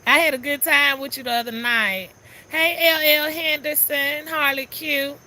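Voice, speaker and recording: A woman's voice: high-pitched, fairly even intonation, moderate pace, bright, forceful tone. A woman chatting casually on a live stream, greeting viewers one by one in a sassy, talkative way.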